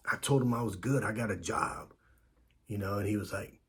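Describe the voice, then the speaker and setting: Deep husky man telling a story. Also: a little fast. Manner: laid-back, lots of fillers and quoted dialogue. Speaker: podcast host telling his story. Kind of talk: casual storytelling.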